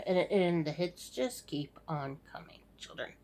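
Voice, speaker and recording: A woman's voice: lowish voice, animated, a little slow, dark tone. A middle-aged woman giving a casual, rambling personal video update, weary and sighing often, with many restarts. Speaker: vlogger. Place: home at night.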